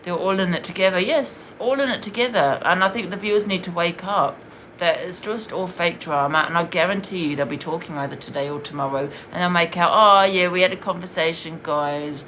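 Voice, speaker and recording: A woman's voice: lowish voice, a little fast, hardly any pauses, a bit bright, a little hiss or hum. A woman streaming live, bluntly and scornfully ranting while she answers viewers' comments. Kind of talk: heated live-stream rant.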